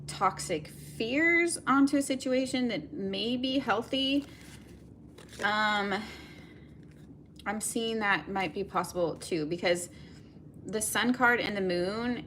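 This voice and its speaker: A woman's voice: mid-range voice, fairly bright tone, slight background noise. A young woman giving a collective tarot reading, talking in a meandering way with many fillers. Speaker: tarot reader.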